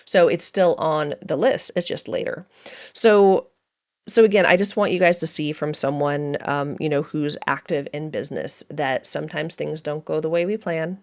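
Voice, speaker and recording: Candid, emotional woman podcast host, gravelly. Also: low-pitched. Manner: candid, emotional, laughs often. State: emotional, feeling raw. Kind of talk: casual personal podcast monologue.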